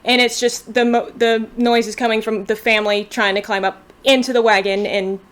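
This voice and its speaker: A woman game master with a slightly high voice narrates a tabletop game. She sets the scene loosely, piling on detail as she goes. She is heard on a home mic over a voice call. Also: little pitch movement, normal speed, a bit bright. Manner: loose, descriptive scene-setting.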